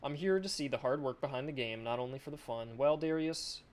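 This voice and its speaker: A man's voice: mid-range voice, brisk. A male game developer thinking aloud in a casual live stream, chatty and self-mocking, swearing offhandedly, speaking into a desk microphone.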